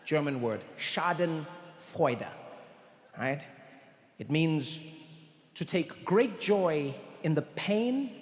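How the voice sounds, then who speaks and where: A man from South Africa telling a stand-up story in an animated, playful way, stretching out his punchlines. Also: a little high, takes it slowly. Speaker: stand-up comedian. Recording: echoey hall, faint audience ambience.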